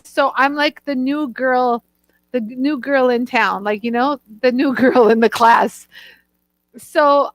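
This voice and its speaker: A woman's voice: high-pitched, a little slow, fairly bright tone, dry recording. A woman hosting a live-stream Q&A, bubbly and gushing, greeting viewers by name. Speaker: host and product inventor.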